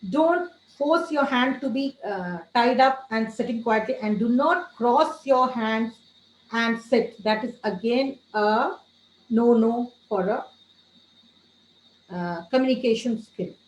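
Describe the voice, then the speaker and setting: A woman trainer giving a training lecture, calling her listeners friends and slowing down to stress key words. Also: fairly high pitch, reverberant, poor audio. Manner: addresses listeners as friends, gives tips.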